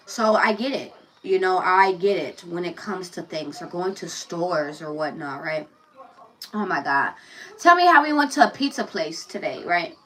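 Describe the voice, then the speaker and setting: A woman's voice: mid-range voice, bright, forceful tone, distant mic, rough recording. A woman giving a casual tarot reading, telling a personal story and talking bluntly and profanely straight to the viewer. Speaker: tarot reader.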